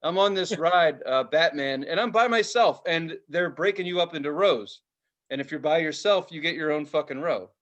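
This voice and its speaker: A man in his forties, chatting casually on a podcast. His voice sits a touch high, and he tells stories in an animated, profane way, often breaking into laughter. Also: normal speed, lo-fi sound. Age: 40s. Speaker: podcast co-host. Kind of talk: casual chat.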